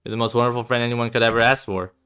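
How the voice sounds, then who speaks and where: Dude doing a tired guarded young guy in a game, quiet and low, crisp bright mic. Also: little pitch movement, very fast, lightly acted. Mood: weary. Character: troubled young man, guarded and weary.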